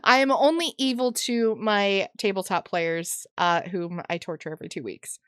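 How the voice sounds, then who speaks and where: A woman's voice: medium pitch, normal speed, smooth, no echo, studio quality. Playful, laughing woman podcaster. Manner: playful, self-mocking, laughs often. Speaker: podcast co-host. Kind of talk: casual chat.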